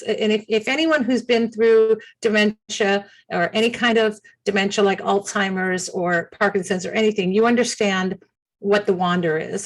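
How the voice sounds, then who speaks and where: A woman's voice: medium pitch, low-quality recording. Earnest woman telling a heartfelt story. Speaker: caregiver support founder. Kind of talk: personal storytelling on a talk show.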